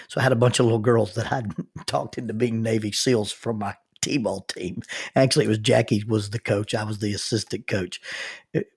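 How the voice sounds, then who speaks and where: A man hosting his own podcast, telling stories and reflecting in a slow, soft-spoken, intimate way that sometimes drops almost to a whisper. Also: mid-range voice, breathy edge. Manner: quiet, intimate delivery, dropping to near whisper. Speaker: podcast host. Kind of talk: reflective devotional podcast talk.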